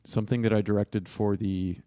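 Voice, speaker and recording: Young male film student guest, lower register, loose and rambly, quick to laugh. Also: level tone, mellow. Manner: rambling, heavy use of "like", laughs often. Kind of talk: casual interview chat.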